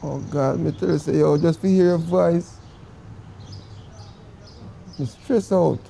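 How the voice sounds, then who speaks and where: A man acting out a remorseful Jamaican boyfriend, begging in a dark, mellow voice that sits a little high. He stretches his words out dramatically. Faint outdoor noise hums behind him. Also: gravelly, heavily acted. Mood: pleading. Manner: pleading, drawn-out, dramatic. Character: pleading remorseful boyfriend begging to come home. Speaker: actor in comedy sketch. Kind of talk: comedy sketch acting, phone call.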